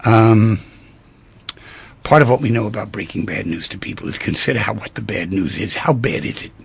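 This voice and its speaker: A man hosting a talk show, speaking emphatically and telling stories with animated energy. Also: lowish voice, normal speed, vocal fry, slightly rough. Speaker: radio talk show host.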